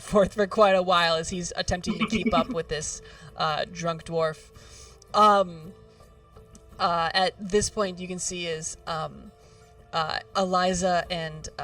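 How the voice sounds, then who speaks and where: A woman narrating a tabletop game as game master, rambling with many pauses. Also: fairly low pitch, fairly bright tone. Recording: distant mic, faint music behind.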